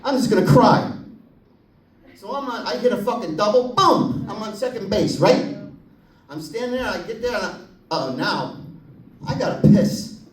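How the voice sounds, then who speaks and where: Animated, crude male stand-up comic. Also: high-pitched, moderate pace, long pauses, a little hiss or hum. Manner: crude, animated storytelling with acted-out voices. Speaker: stand-up comedian. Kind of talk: stand-up comedy set. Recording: echoey room, mic heard from a distance.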